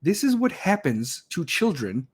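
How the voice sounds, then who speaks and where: A man's voice: on the high side, sing-song, measured pace, breathy edge. A man ranting angrily, swearing nonstop and mocking people in put-on voices as a podcast host. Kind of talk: profane rant.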